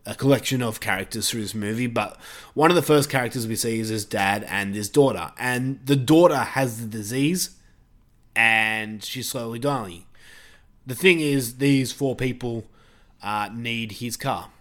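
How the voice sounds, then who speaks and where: A man's voice: mid-range voice, a little slow, fairly bright tone. A man hosting a podcast, chatting casually about a film and rambling through many fillers and restarts. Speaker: podcast host. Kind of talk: casual movie review chat.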